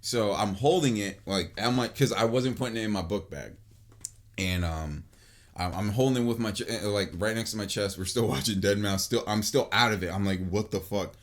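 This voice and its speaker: A man in his late twenties hosting a podcast, telling a long story in a casual, animated way, full of swearing and "like". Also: lowish voice, brisk. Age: late 20s. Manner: animated and profane, filled with "like" and restarts. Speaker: podcast host.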